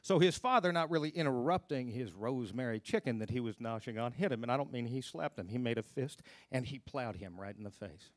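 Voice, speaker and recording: A man telling a personal story on stage at a live storytelling event, earnest, sinking to hushed low tones at grim moments. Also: a little fast, hardly any pauses, no echo, clean studio sound.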